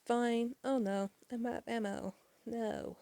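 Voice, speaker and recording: A bored rabbit girl villain from a comic, read by a woman with no urgency at all. The delivery is flat and unbothered, with a gravelly, mellow tone and a dry sound. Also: a little high, slow pace, no room sound.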